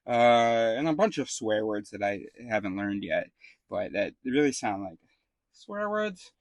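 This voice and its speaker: A man's voice: fairly low pitch, big pitch swings, unhurried, no room sound. Rambling, cussing man telling a story. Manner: rambling, profane, full of fillers and restarts. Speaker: vlogger. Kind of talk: casual storytelling monologue.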